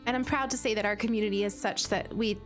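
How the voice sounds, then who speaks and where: A woman streamer chats casually and gushes while playing, using lots of "like" fillers. Her mid-range voice moves quickly with fairly even intonation, over soft background music.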